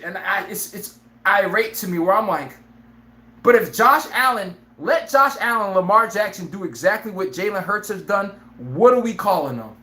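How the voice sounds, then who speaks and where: Brash, laughing live sports-stream host. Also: male voice, sits high, moderate pace, roomy sound. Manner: brash, animated, laughs often, acts out players' lines. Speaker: sports talk show host.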